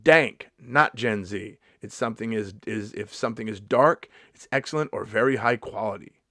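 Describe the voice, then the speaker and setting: A man's voice: lowish voice, normal speed, pushed and bright, dry recording, clean studio sound. A man in his fifties doing a sarcastic, mock-indignant comedy vlog monologue, swearing freely as he rants. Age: 50s.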